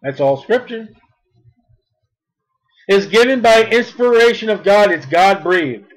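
A man preaching a sermon, reading scripture slowly and then speaking emphatically. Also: high-pitched, animated, low-quality recording.

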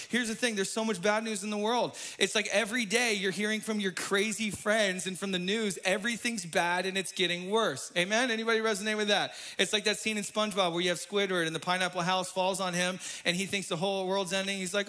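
High, bright-voiced animated pastor. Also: male voice, a little fast, hardly any pauses, faint music behind. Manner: animated, swings from soft asides to loud exclamations. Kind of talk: energetic sermon. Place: church.

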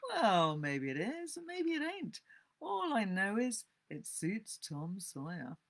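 A woman's voice: mid-range voice, very animated, normal speed, slightly rough. A woman voicing a crafty boy who drawls offhand answers while pretending not to care. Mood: sly. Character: sly, crafty boy feigning indifference.

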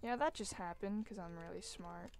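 A woman hosting a gaming video, chatting casually as she plays. She mocks herself and breaks into loud, excited exclamations. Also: medium pitch, moderate pace, gravelly, slight background noise. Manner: excitable, self-mocking, bursts into loud exclamations. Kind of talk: casual gameplay commentary. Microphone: desk microphone while gaming.

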